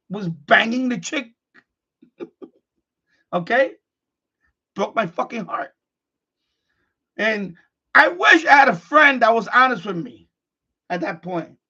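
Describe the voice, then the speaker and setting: A frustrated middle-aged man, talking bluntly and unscripted on a live stream, circling back over the same phrases. His voice sits high and has a gravelly rasp. The stream audio is dull and lo-fi. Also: expressive, a little slow, long pauses, pushed and bright. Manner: blunt, repeats phrases, restarts often.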